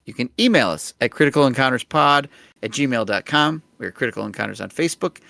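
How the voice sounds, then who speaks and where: A man's voice: mid-range voice, lively intonation, fast, vocal fry, bright, forceful tone, no room sound. A man hosting a podcast, reading listener requests and plugs in an upbeat, casual way. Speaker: podcast host.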